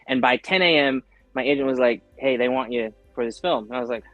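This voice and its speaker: Male actor guest, animated storyteller, dry close mic, faint music bed. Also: medium pitch, fairly quick, no echo, dull audio. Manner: animated, acts out quoted voices, frequent fillers. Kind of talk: casual interview storytelling.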